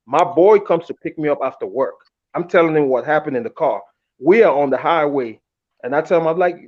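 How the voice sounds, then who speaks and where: A man telling a long personal story in a casual, candid and animated way, acting out the quotes. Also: mid-range voice, fairly quick. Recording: muffled lo-fi audio.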